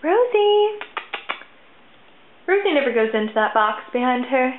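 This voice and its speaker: Chatty young woman, tinny echoey sound. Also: fairly high pitch. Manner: bubbly, easily distracted, coos at her cats. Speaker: vlogger. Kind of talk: casual vlog chat. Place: her old bedroom at home.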